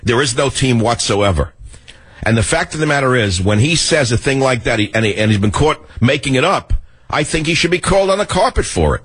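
A male talk radio host rants through a sarcastic, combative monologue. His voice is slightly husky, and his pitch swings widely as he jabs at his targets. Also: lively intonation, a little fast, fairly bright tone.

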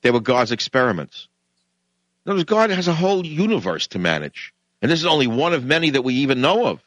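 A middle-aged man hosts a radio talk show, ranting in a sarcastic, combative monologue. His voice sits at a middle pitch and swings between muttered asides and loud, lively outbursts. The sound is dry and close. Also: fast talker, dry recording.

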